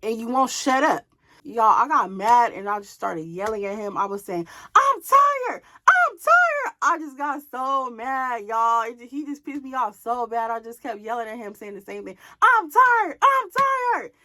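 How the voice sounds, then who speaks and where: Lady doing a storytime vlog, kinda high voice, animated, talks right to the viewers. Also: moderate pace. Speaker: vlogger telling a personal story. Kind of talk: casual storytime.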